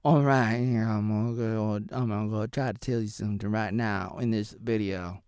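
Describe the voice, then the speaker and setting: A man in his thirties from Oregon hosting a rambling solo vlog, jumping between wild shouted bursts and low mumbled asides. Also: fairly even intonation, normal speed, clear, resonant tone, no room sound. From Oregon, United States. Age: 30s. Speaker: vlogger host.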